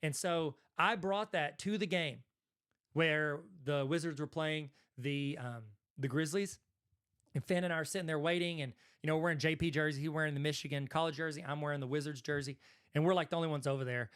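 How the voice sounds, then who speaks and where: Southern man with a slightly high voice. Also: brisk, fairly bright tone, smooth. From Arkansas, USA. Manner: conversational, rambling, self-correcting asides. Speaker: host, card collector. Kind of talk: casual talking-head commentary.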